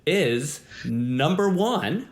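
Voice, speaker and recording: A young man co-hosts a loose podcast chat, rambling and laughing as he goes. His voice is animated, with pitch that swings widely, and he restarts his sentences often. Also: very slow. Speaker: podcast co-host. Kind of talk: casual chat.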